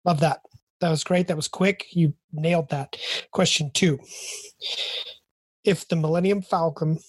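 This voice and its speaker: A man's voice: a little high, fairly even intonation, unhurried, slightly rough, no echo. A man hosting a podcast in casual chat, enthusiastic and chatty, with lots of filler words. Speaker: podcast host.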